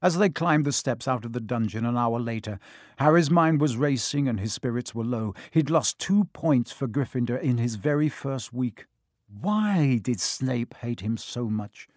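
A man reading a children's fantasy novel aloud in measured, scripted narration. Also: mid-range voice, lively intonation, a little mellow, no room sound, studio quality. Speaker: audiobook narrator.

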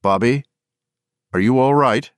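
A man's voice: mid-range voice, measured pace, clear, resonant tone, no room sound, clean studio sound, voice pushed up, close to an everyday voice. A man voicing a shaken, worried man who calls out urgently to an old friend, in an audiobook. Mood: anxious. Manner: urgent, alarmed. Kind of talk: audiobook character voice.

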